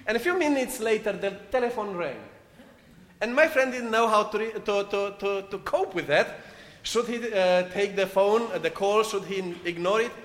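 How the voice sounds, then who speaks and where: A man from Romania with a Romanian accent, preaching a sermon and telling a story in short, deliberate phrases with non-native phrasing. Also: high voice, a bit bright. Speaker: preacher leading a meditation. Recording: echoey hall with long reverb.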